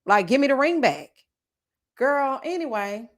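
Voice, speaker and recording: A woman hosting a live review of a reality show, sassy and expressive, talking straight to her viewers. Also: high voice, a little slow.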